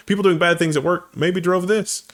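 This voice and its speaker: A man's voice: sits high, steady tone, moderate pace. A man co-hosting a casual tech news show, joking, laughing often and slipping into silly voices.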